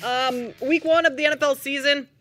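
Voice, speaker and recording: A man's voice: extremely high pitch, steady tone, moderate pace, sharp tone, soft background music. A man from Minnesota co-hosting a sports talk show, easygoing as he leads into the segments. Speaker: co-host.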